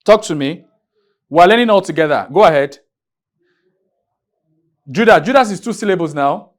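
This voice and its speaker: A man's voice: high voice, expressive. A man from Nigeria teaching an English grammar lesson in a classroom, writing on a board, drawing out key words and firing questions at his students. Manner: drawn-out, emphatic teaching with repeated questions to students.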